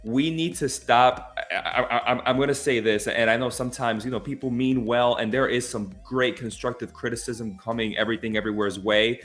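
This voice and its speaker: A male co-host on a casual movie podcast speaks fairly quickly with few pauses, in a mid-range, slightly bright voice and a steady tone. He talks with passion and emphasis and often restarts, while soft music plays in the background.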